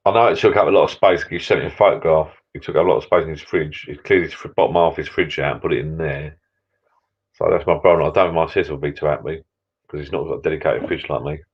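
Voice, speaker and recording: A very low-voiced man rambles through a casual live-stream chat from his backyard pub shed. He grumbles, cuts himself off and wanders between topics. The audio sounds dull and lo-fi. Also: steady tone, fast, slightly rough. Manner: rambling, chatty, self-interrupting, grumbling.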